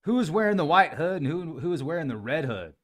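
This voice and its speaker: With a slightly high voice, big swings in pitch, and a quick pace, a man hosts a podcast livestream. He talks casually, reads out viewers' comments, and greets them by name.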